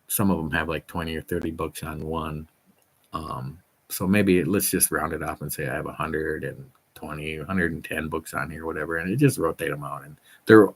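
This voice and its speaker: A middle-aged man with a very low voice talks casually and eagerly to his viewers. He rambles, stacks fillers and restarts his sentences, but keeps an easy, upbeat flow. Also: vocal fry. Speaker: fitness vlogger. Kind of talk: casual chat to camera.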